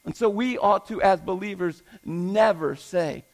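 A man's voice: sits high, a little slow, poor audio. A man preaching a sermon as pastor, emphatic, repeating his points and asking the congregation rhetorical questions.

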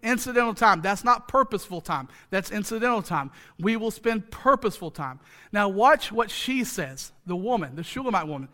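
A man's voice: high-pitched, expressive, normal speed, bright, forceful tone. A male pastor preaching a sermon in a chatty, joking way, repeating phrases for emphasis and tossing rhetorical questions to the congregation. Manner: conversational, joking, with many rhetorical asides.

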